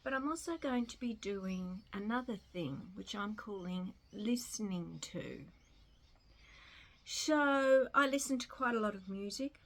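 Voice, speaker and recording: An Australian woman talking casually to camera at home in a rambling, self-deprecating way. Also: mid-range voice. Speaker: vlogger. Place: home in Melbourne.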